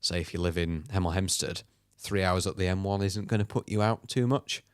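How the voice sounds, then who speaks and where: A man co-hosting a guitar school podcast, talking in a relaxed way with short interjections. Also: sits low, brisk, clean tone, no room sound, clean studio sound. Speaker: podcast co-host, guitar teacher. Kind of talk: casual podcast chat.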